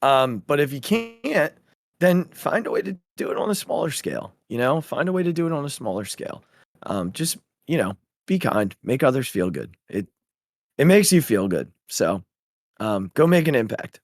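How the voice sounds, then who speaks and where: A man's voice: mid-range voice, sing-song, moderate pace, vocal fry, no room sound, clean studio sound. A man co-hosting a podcast, a teacher talking in an earnest, reflective way with many fillers and restarts. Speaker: podcast co-host. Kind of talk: casual chat.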